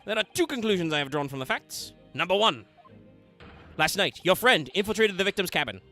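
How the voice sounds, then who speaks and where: A man's voice: high-pitched, big pitch swings, fairly quick, bright, forceful tone, soft background music, pitched above the performer's own voice, full character voice. A man putting on a grandiose British sleuth. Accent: put-on British. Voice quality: theatrical, declamatory. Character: pompous male Victorian detective, theatrical, grandiose. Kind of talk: reading game dialogue aloud.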